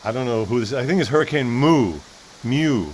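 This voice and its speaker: A male comedian guest talking from an outdoor porch in heavy rain, deadpan and fussy in his mock complaints. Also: medium pitch, fairly quick, rough recording. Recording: rain static noise outdoors.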